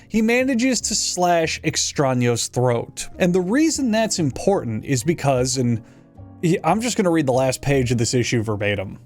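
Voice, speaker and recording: A man hosts a comedic comic review in a sarcastic, mocking tone. His voice is high and very lively in pitch. Faint music plays underneath. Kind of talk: comedic commentary.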